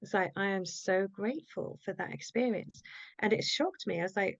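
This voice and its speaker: A woman tells her personal story as an interview guest, reflective and halting, often voicing her own thoughts aloud. Her voice sits at a middling pitch. The sound is dry and a little dull, like a lo-fi recording. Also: vocal fry, no room sound.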